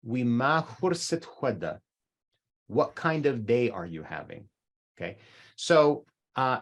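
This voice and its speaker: Man, language teacher, mid-pitched, explanatory, animated on examples. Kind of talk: online language class. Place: home, speaking into a small microphone.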